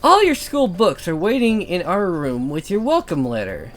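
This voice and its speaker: A woman voicing a bubbly, chatty teenage schoolgirl roommate, reading game dialogue aloud with fast, gushing delivery. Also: fairly low pitch. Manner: talks fast, gushing, lively.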